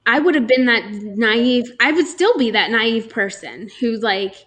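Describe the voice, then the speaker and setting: A woman's voice: a little high, animated, measured pace, fairly bright tone. A young woman from New Jersey co-hosting a casual talk show, chatty with lots of fillers and frequent laughs. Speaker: podcast co-host. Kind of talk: casual chat.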